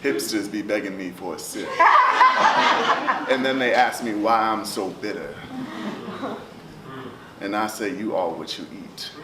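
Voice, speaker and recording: A man performing spoken word poetry, rhythmic and chanting, with swings from loud to hushed. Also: on the low side, unhurried, pauses often. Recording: roomy, distant live recording with noise.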